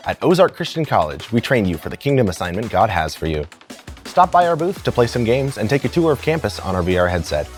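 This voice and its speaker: A man's voice: on the low side, sing-song, fast talker, soft background music. A young man hosting a college video, laughing and tripping over his words. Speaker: host.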